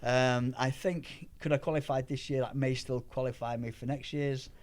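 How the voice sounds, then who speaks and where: A middle-aged Englishman, a powerlifter, is chatting as an interview guest in an ordinary middle pitch at a moderate pace. He tells long, lively anecdotes in a casual, rambling way, stumbling and restarting as he goes.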